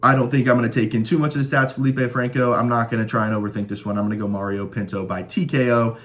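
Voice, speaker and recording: A man's voice: mid-range voice, steady tone, quick pace, a bit bright. A man hosting a casual fight-predictions show, talking enthusiastically and rattling off stats as he makes his picks. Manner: chatty, stat-heavy, enthusiastic. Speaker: host of a fight-predictions channel.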